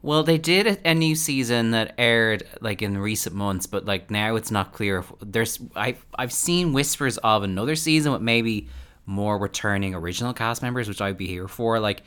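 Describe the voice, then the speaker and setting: A man hosting a casual podcast, with a bright, forward voice that sits a little low. He talks eagerly and at length. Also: normal speed, clean tone. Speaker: podcast host. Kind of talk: casual chat.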